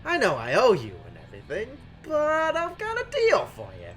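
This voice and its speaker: A woman's voice: high-pitched, huge pitch swings, moderate pace, soft background music, pitched above the performer's own voice. A woman voicing an earnest young exile who eagerly pleads for a deal.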